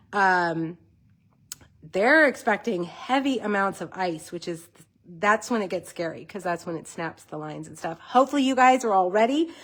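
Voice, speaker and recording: A middle-aged woman hosts a craft livestream, chatting and rambling with a laugh never far off. Her voice is scratchy from a head cold and sits a little high. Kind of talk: casual livestream chat.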